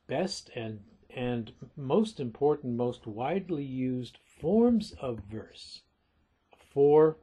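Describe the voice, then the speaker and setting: A man teaching literature in a recorded lecture, explaining things deliberately and calling his listeners folks. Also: medium pitch, warm tone, breathy edge.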